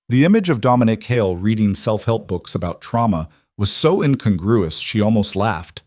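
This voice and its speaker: Low-voiced guy narrating a romance story, measured, dry close sound. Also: animated, darkish tone, no room sound. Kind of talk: scripted narration.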